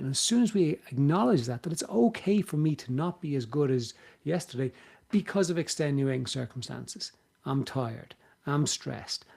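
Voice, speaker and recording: A man with an Irish accent, hosting a podcast, explaining ideas in a casual, animated way and acting out what people say. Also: on the high side, vocal fry. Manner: animated, acts out quoted voices. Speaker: podcast host.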